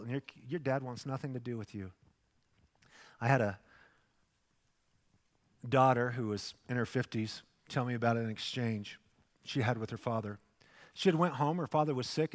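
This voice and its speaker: A man in his fifties preaching a sermon with acted asides, swinging from loud bursts to hushed, soft passages. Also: mid-range voice. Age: 50s. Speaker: pastor. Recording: long hall reverb.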